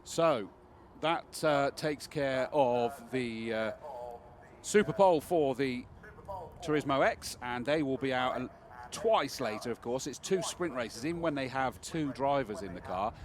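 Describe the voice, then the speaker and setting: A man's voice: medium pitch, animated, unhurried, a crowd in the background. A man with a Bristolian accent co-commentating on club racing, chatting easily and recalling drivers' past cars. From southwest England. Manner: chatty, recalls drivers' history, asks his partner questions. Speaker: motorsport co-commentator. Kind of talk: live race commentary.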